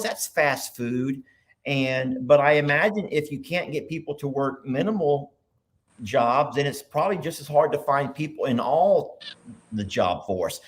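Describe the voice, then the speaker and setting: A man hosting a live video chat, chatty and full of questions for callers. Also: mid-range voice. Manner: chatty, animated, asks many questions. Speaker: live stream host.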